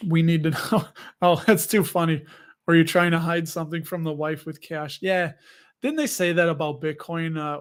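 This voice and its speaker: Chatty high-voiced man hosting a livestream. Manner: chatty, jokey, rambling. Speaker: host. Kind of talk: casual livestream chat with viewers.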